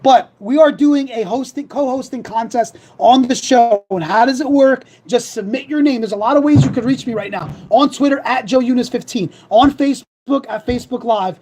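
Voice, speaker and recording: A young man from hosting a sports talk show, rambling fast and reading sponsor plugs in a fired-up, casual way. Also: very high-pitched, a little mellow, slight background noise, poor audio.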